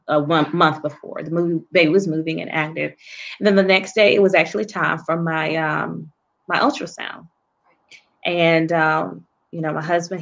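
Soft-spoken woman telling a personal story. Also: low-pitched. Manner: soft, halting, many pauses and restarts. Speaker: guest author and poet.

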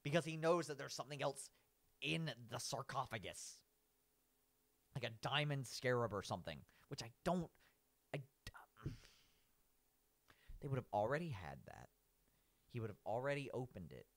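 A man's voice: medium pitch, expressive, normal speed, pauses often, fairly bright tone. A man giving casual, rambling commentary as he rates cartoon villains. He keeps saying "like", restarts his sentences and laughs at his own points.

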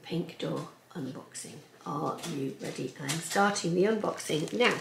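Middle-aged woman, excitable sewing vlogger, noisy home room. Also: low-pitched, a little slow, creaky. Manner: gushing, excitable, talks to viewers as folks. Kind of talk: chatty unboxing vlog.

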